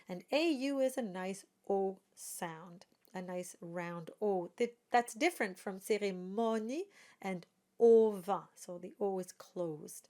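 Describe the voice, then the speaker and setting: Slow, patient woman teaching pronunciation. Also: medium pitch, mellow. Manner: patient, models sounds slowly and repeats them. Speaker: singing and pronunciation coach. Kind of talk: pronunciation lesson.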